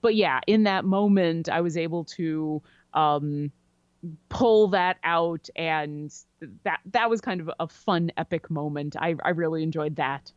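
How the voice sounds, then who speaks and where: A woman guest on a podcast, chatty and animated as she tells a story about a game. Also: low voice, unhurried, clear, resonant tone, no room sound. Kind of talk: casual storytelling interview. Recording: dry, slightly dull lo-fi sound.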